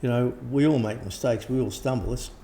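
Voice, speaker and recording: An older man, talking casually and rambling as an interviewed teacher, often clearing his throat. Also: mid-range voice, a little fast, mellow, slight background noise. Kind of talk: casual conversation.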